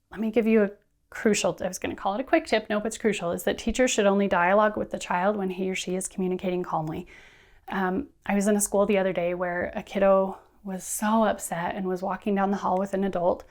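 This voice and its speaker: Woman, teacher trainer, instructional talk, friendly and brisk, mid-pitched voice. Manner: friendly, brisk, acts out classroom quotes.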